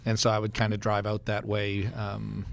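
A man's voice: fairly low pitch, completely flat delivery, moderate pace, vocal fry, a little hiss or hum. A man hosting a church podcast, talking in a casual, rambling way with lots of restarts and easy laughter. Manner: rambling, chatty, many fillers and restarts, laughs easily. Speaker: podcast host and church pastor. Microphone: studio mic.

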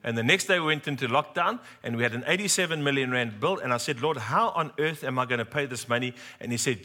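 Preacher guy, middle-aged, jokey storytelling, bright forceful voice, talks right to the crowd. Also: medium pitch, fast talker, few pauses. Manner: storytelling, humorous, addresses the congregation directly. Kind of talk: sermon.

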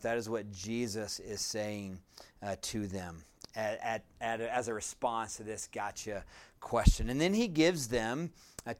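A man's voice: mid-range voice, clean tone. A pastor preaching a sermon, a man speaking earnestly with emphatic repetition and a conversational touch.

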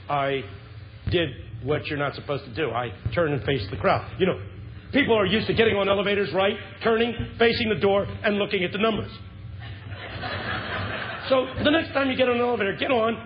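A man in his fifties preaches in a high, lively voice, jumping from near-shouts down to quiet, intense lows. The sermon is humorous but impassioned. The recording is muffled and lo-fi, with steady hiss underneath. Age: 50s. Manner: animated, swings from shouts to hushed lows. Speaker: Christian speaker.

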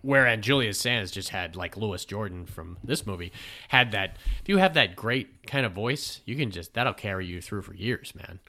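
Rambling, animated American man chatting casually. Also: on the low side, normal speed. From United States. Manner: rambling, animated, swearing, laughing. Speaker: podcast host. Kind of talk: casual chat.

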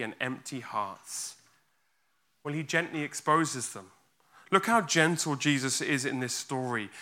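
Bright-voiced man preaching a sermon. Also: a little high. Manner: earnest, expressive preaching with acted quotes. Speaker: pastor. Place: church.

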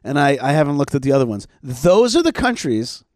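A man's voice: on the high side, big pitch swings, fairly quick, darkish tone, no room sound, clean studio sound. A man hosting a talk show, chatting casually and animatedly, often repeating himself as he builds a point. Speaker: show host. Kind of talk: casual political chat.

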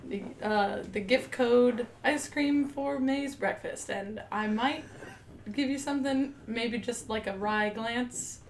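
A woman's voice: a little high, takes it slowly, slight background noise. A woman co-hosting a podcast in casual chat, giggly and rambling as she draws out her words. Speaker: podcast co-host.

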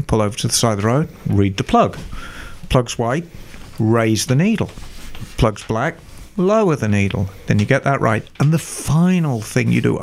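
A man's voice: mid-range voice, vocal fry, a little hiss or hum. An older man explaining motorcycle carburetor tuning with confidence, step by step, in a casual chat. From England. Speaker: motorcycle mechanic expert.

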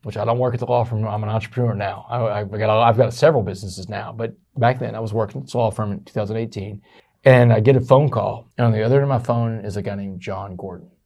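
A middle-aged man, a motivational speaker telling his story in an interview, animated and fast, often saying "man". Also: fairly low pitch, gravelly. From Texas, USA.

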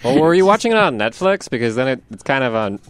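A man's voice: medium pitch, very animated, fast talker. A man chatting on a casual comedy podcast, dropping dry quips.

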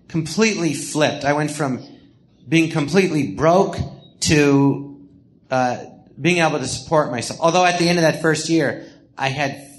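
Older man spinning rambling show-business stories. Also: on the high side. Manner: rambling anecdotes with restarts and acted-out quotes. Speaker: podcast host telling memoir stories. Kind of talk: live podcast storytelling. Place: podcast theatre before a live audience.

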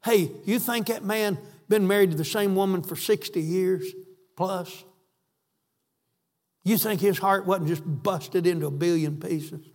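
A man's voice: high voice, measured pace, a little mellow. A man preaching a sermon, fervent and emphatic, repeating phrases for stress. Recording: echoey hall.

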